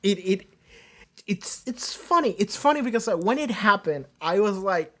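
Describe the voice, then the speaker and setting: A man's voice: sits high, animated, moderate pace, a bit bright. A man hosting a reaction video, talking casually and animatedly, rambling with frequent restarts and swearing.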